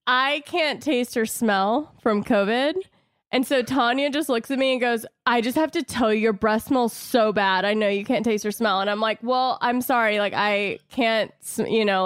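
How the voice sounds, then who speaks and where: A woman's voice: on the high side, dry recording, clean studio sound. A woman co-hosting a podcast in casual chat, rambling and restarting her sentences, often breaking into laughter. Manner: rambling, self-interrupting, quick to laugh. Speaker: podcast co-host.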